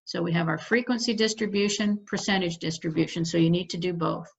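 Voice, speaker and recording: In a recorded class lecture with screen share, a woman teacher patiently and methodically walks students through an assignment step by step. She's firm about showing work and about the marking rules, speaking briskly in a fairly low voice. The audio is muffled and lo-fi.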